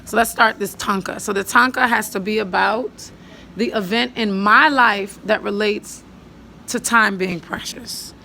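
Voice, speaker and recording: A woman teacher patiently walking students through writing a poem, counting syllables aloud and thinking out loud as she writes. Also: medium pitch, unhurried, gravelly, slight background noise. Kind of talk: step-by-step poetry lesson.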